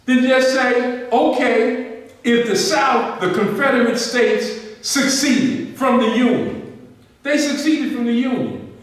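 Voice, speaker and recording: A man's voice: very high voice, takes it slowly. A man lecturing a group, asking questions and repeating his points with emphasis. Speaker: history speaker. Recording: echoey room, distant mic.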